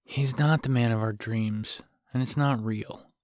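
A man as a weary, gentle single dad. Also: brisk, no echo, studio quality, lightly acted. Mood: calm, explaining. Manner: tired, low-key and gentle. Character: weary, protective single father, gentle but firm.

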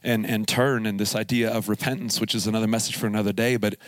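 Animated man preaching a camp sermon. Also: lowish voice, fast talker, no room sound. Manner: animated storytelling, acting out dialogue. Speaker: pastor. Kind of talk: live sermon at a youth camp. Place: camp meeting hall.

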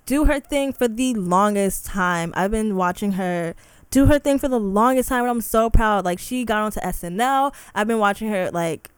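A woman's voice: medium pitch, moderate pace, clear, resonant tone, dry recording. A young woman hosting a solo podcast, talking in an impassioned, heated way full of "like" fillers. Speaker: podcast host. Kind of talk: casual solo podcast rant.

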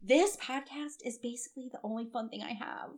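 A burnt-out woman co-hosting a podcast in casual chat, expressive and profane. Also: on the high side, brisk. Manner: expressive, profane, laughs a lot. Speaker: podcast co-host.

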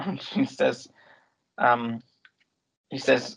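A man with a gravelly, slightly husky voice walks his co-host through a TV episode. He speaks in a loose, chatty way, quoting the characters as he goes and filling the gaps with "um.". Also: mid-range voice, flat delivery, slow pace, long pauses, a bit bright, rough recording. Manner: storytelling recap with many "um"s and quoted lines. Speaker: podcast co-host recapping a TV episode. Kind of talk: casual chat.

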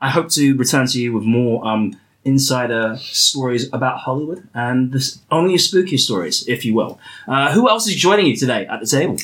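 A man hosting an improvised comedy podcast, talking with mock earnestness and slowing down for punchlines. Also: mid-range voice, lively intonation, fairly bright tone. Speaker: podcast host.

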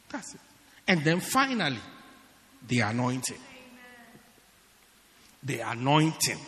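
A man preaching a sermon as pastor, emphatic and repetitive, swinging from shouts to hushed words. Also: mid-range voice, huge pitch swings, a little slow, long pauses, in a large hall. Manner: emphatic, repeats phrases for stress, swings between shouting and hushed tones. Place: church.

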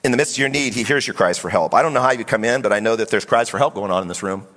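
A middle-aged man preaching a sermon as pastor, animated and acting out voices of Bible figures. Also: on the low side, very fast. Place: church sanctuary. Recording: long hall reverb.

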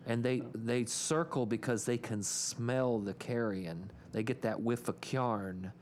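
A man's voice: mid-range voice, fairly even intonation, slow, darkish tone, slight background noise. A man co-hosting a sports podcast, chatting casually in joking banter. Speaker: podcast co-host. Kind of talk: casual chat.

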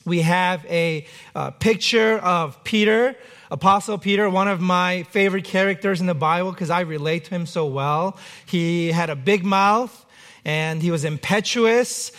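Male pastor, high voice, relaxed conversational sermon with dry humor. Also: measured pace. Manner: conversational preaching with light humor.

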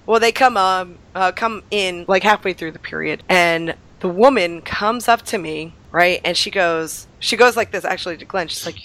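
A woman's voice: mid-range voice, moderate pace, hardly any pauses, fairly bright tone. A woman chatting casually, telling rambling travel stories with lots of fillers, still getting over an illness. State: recovering from illness. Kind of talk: casual chat.

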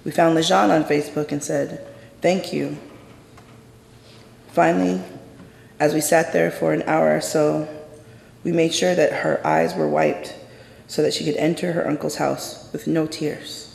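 Gravelly man telling a story on stage. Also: a little high, lively intonation, normal speed, darkish tone. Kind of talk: dramatic storytelling monologue. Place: theater stage. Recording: echoey hall with long reverb.

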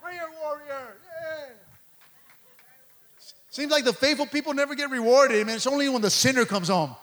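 A man's voice: very high-pitched, quick pace, a bit bright. A man preaching a sermon as a pastor, emphatic and conversational, pressing his points home.

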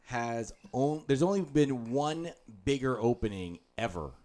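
A man co-hosting a comedy podcast, talking in a steady, laid-back way as he brings up topics. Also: mid-range voice, unhurried. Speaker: podcast co-host. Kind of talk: casual comedy podcast chat.

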